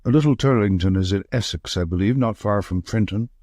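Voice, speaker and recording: A man's voice: on the low side, a little fast, a little mellow, lightly acted. A man reading a stern, commanding detective. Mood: brisk. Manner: grave, emphatic.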